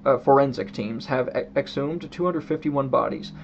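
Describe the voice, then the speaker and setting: Gravelly man reading quotes aloud. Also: mid-range voice. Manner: reads quoted passages aloud, marking each quote and emphasis; unhurried, explanatory, with restarts. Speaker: book reviewer. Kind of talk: casual spoken book review. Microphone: own camera setup. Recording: dull lo-fi recording with faint hum.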